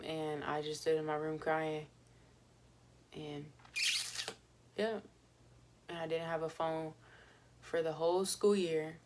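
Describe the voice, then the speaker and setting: A young woman vlogger telling a story in a chatty, casual way, with lots of fillers and laughs. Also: deep voice.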